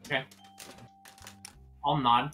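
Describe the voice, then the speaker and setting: A man's voice: medium pitch, steady tone, slow, pushed and bright, soft background music. A man playing a tabletop game, playfully describing what his character does. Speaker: player. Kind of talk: casual tabletop game chat.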